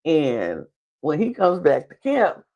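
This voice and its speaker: A woman recapping a reality show in casual talk. She is animated, laughs often, and acts out other people's lines with big jumps in pitch. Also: slow, dull audio. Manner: laughs often while talking. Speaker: podcast guest.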